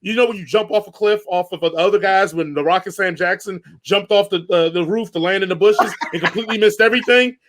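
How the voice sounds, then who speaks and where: A man with a high voice rants in casual podcast chat, animated and jokey. He swears freely and keeps the talk loose. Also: fast talker, few pauses. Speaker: podcast co-host. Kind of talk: casual movie review chat.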